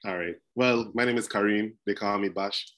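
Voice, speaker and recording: A man's voice: on the low side, moderate pace, fairly bright tone. A man with a Crucian accent, a teacher guesting on a casual podcast, talking in a laid-back way. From St. Croix.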